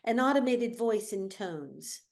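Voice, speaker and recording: A woman reads a screenplay's stage directions at a virtual table read. She sounds measured and descriptive, with a mid-range voice over a video call. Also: medium pitch, animated, gravelly, a little mellow. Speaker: narrator reading stage directions.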